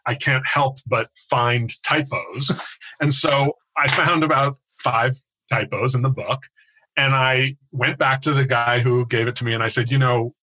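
Casting: American man, 40s, bright tone, animated storyteller in casual podcast talk. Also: mid-range voice, measured pace, rough recording. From United States. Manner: animated, self-deprecating storyteller. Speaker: podcast co-host.

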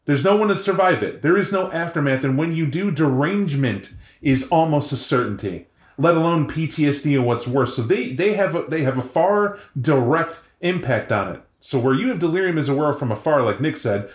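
A man talking casually and at length about tabletop role-playing lore, rambling and animated. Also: on the high side, brisk. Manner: animated, rambling, acts out voices. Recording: echoey room.

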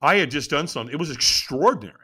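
Middle-aged man, bright and clear, lively guest storyteller who jumps into his own quoted lines. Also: very fast. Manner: animated, acts out his own past lines with jumps in pitch. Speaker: podcast guest. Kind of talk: storytelling interview.

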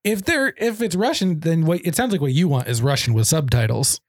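A man's voice: on the high side, expressive, fairly quick, dry recording, studio quality. A man co-hosting a casual chat, laid-back, joking and skeptical. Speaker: podcast co-host. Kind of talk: casual chat about video games.

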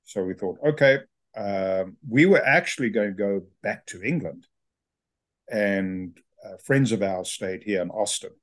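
Guest: South African man in his fifties, low voice, relaxed storyteller. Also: a little slow. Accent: South African with Australian tones. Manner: chatty, self-amused, with hesitations. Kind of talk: casual interview storytelling.

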